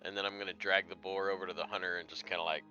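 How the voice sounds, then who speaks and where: A man's voice: low-pitched, little pitch movement, very fast, bright, forceful tone, lo-fi sound, soft background music. A man at a tabletop game describing his character's actions matter-of-factly. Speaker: player.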